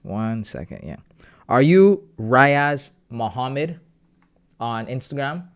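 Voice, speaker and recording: An excited young man hosts a casual livestream and chats straight to his viewers. He greets people by name and talks about his day in a loose, chatty way. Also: medium pitch, slow pace. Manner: excited, reads out chat messages and greets viewers. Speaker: trading livestream host.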